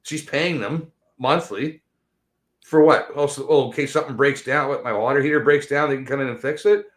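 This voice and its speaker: A man's voice: medium pitch, a little fast. A man ranting bluntly and angrily in a casual chat, swearing constantly. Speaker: podcast co-host.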